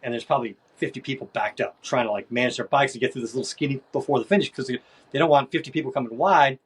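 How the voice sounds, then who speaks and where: Husky man telling an animated story. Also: medium pitch, very fast. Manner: animated, acts out voices in his stories. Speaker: podcast guest. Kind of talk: casual storytelling.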